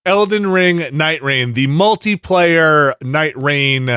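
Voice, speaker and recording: A man's voice: on the high side, slow, sharp tone, smooth, no room sound, studio quality. A man hosting a casual podcast, telling rambling stories with many restarts. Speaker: podcast host.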